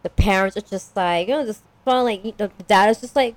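A woman's voice: medium pitch, brisk, dry recording. A young woman casually recapping a story as a podcast co-host, rambling with lots of "like" and acting out characters.

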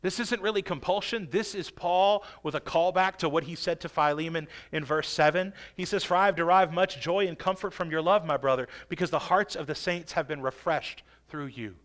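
A man preaching a sermon with emphatic delivery, stretching and swelling key phrases and dropping to a hush. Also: a little high, fairly quick, few pauses. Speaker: pastor.

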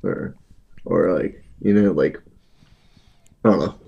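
A man co-hosting a casual sports podcast, laid-back and trailing off, giving short flat replies. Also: low voice, slow pace, gravelly, slightly rough, highs cut off. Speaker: podcast co-host.

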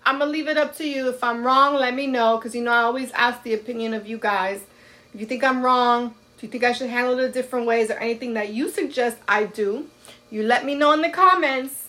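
A woman's voice: on the high side, fast talker, bright, forceful tone. Blunt, profane woman ranting. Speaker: podcast co-host. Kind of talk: casual chat.

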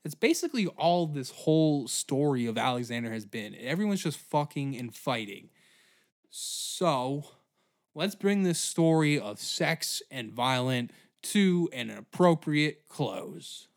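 Comic history podcast host, crude and animated, slightly high voice. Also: male voice, takes it slowly. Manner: profane, laughing, animated riffing. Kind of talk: comedic history monologue.

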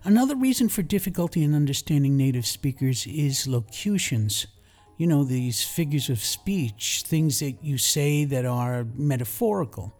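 A middle-aged New Yorker hosts an English lesson podcast, reading in a calm, explanatory manner at a moderate pace with faint music behind him. His fairly high voice is warm and mellow, with touches of dry humor.

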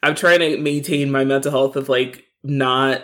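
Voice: mid-range voice, steady tone, normal speed, fairly bright tone. A podcast co-host venting frustration in a rambling casual chat, full of fillers.

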